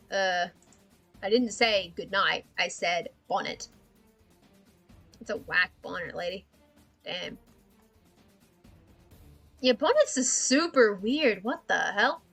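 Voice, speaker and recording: A woman's voice: mid-range voice, fairly bright tone. A woman streaming while she draws, chatting casually in a rambling way, swearing and laughing often. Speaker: art streamer. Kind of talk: casual livestream chat while drawing.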